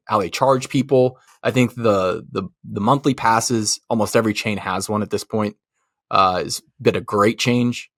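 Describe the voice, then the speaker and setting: A man's voice: lowish voice, a bit bright, no echo. Podcast guy ranting about movies, swears a lot, laughs mid-sentence, dead dry sound. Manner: profane, loose, laughs while ranting. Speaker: podcast co-host. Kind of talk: casual chat.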